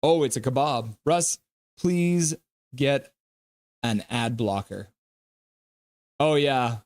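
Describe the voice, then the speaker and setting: A man's voice: medium pitch, takes it slowly, darkish tone. A man hosting a live stream, calling the hockey play-by-play and joking with the chat. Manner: jokey, banters with chat between play calls. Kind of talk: casual play-by-play and chat reading.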